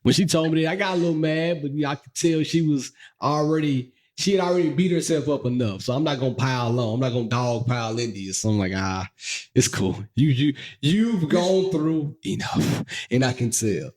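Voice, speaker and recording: A man's voice: mid-range voice, fast. A man co-hosting a podcast, chatting casually and teasing. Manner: playful teasing, animated. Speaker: podcast co-host. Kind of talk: casual chat.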